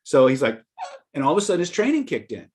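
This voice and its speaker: A man teaching persuasion in a conversational seminar style, telling stories and acting out quoted lines with sudden loud outbursts. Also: fairly high pitch, big pitch swings, quick pace. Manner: conversational, with restarts and asides to listeners. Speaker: persuasion trainer. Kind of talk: live seminar storytelling and teaching.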